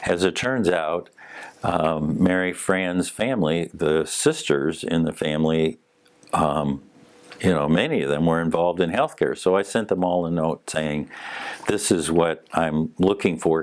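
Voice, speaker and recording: A man hosting a podcast, telling a personal story in an unhurried, conversational way with frequent fillers. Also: a bass voice. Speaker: podcast host.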